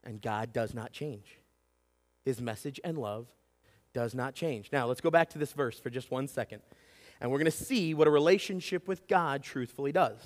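A man's voice: mid-range voice, moderate pace. A man in his thirties preaching a sermon, telling stories with lots of energy and often asking "right?" to the congregation. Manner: animated storytelling, acts out shouting and whispering, keeps asking "right?". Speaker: pastor. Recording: long hall reverb.

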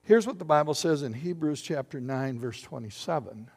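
Animated pastor preaching in a reverberant hall. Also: male voice, fairly high pitch, moderate pace, husky. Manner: animated, joking with the congregation. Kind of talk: sermon.

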